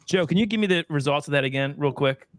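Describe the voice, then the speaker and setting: A man's voice: fairly high pitch, quick pace, no room sound. A man hosting a casual whiskey tasting panel, bantering, swearing and laughing as he reveals his rankings. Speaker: host.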